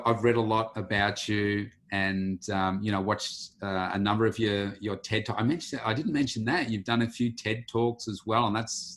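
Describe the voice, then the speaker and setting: An Australian man hosting an interview, asking questions in a halting way with many restarts. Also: fairly low pitch. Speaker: podcast host, interviewer.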